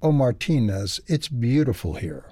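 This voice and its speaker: A man's voice: mid-range voice, very animated, a little slow, dark tone, no echo. A man voicing a curious, chatty female bird in a read-aloud children's story.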